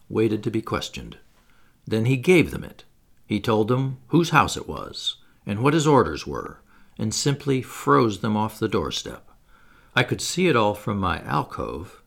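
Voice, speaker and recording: A man reading a classic adventure novel aloud as an audiobook, in an expressive, dramatic way. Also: lowish voice, gravelly. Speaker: audiobook narrator.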